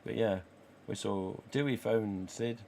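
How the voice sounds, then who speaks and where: This voice is gravelly and darkish, on the low side and unhurried, with slight background noise behind it. The speaker, an Englishman in his forties with an English accent, hosts a laid-back live stream, swearing freely and dramatizing the dialogue he quotes.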